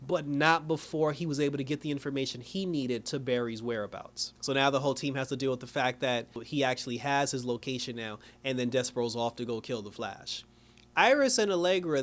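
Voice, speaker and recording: A man's voice: mid-range voice, fairly bright tone. A man reviewing a TV episode in a casual recap. He rambles, fills his talk with "you know" and "like", and laughs often.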